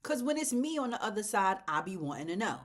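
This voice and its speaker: A woman hosting a casual plant vlog, talking straight to her viewers in a chatty, heartfelt way, swinging between loud exclamations and soft near-whispers. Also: medium pitch, sing-song, quick pace. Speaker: plant channel host.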